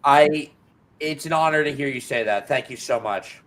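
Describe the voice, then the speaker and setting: A man's voice: mid-range voice, moderate pace, a bit bright, poor audio. A young man hosting a podcast who chats casually and earnestly, starting his sentences over several times. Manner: earnest, hesitant, with many restarts. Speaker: podcast host. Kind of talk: casual interview chat.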